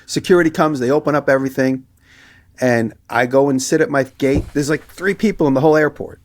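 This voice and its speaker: A man on a podcast telling a story in casual chat, animated and acting out the people in it. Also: mid-range voice, fairly quick. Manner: animated anecdote telling, acting out both sides of quoted exchanges. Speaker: podcast co-host.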